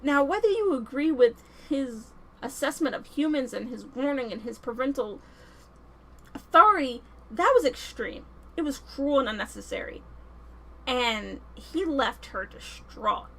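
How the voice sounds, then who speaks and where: Animated chatty woman, high voice. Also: a little slow, gravelly, low-quality recording. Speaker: vlogger. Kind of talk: casual film commentary.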